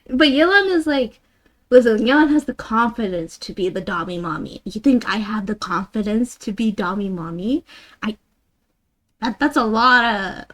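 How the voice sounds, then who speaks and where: A woman's voice: on the high side, a bit bright. A woman streamer chatting casually with her viewers, flustered and giggly as she reads out donations. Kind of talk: casual live-stream chat.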